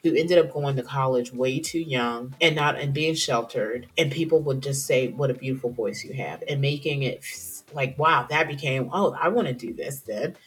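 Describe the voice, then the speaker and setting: A woman with a rumbling low, husky voice talks at normal speed with few pauses. Hosting her own podcast, she delivers a personal monologue about her career, candid, emotional, chatty and prone to interrupting herself, and teary at times.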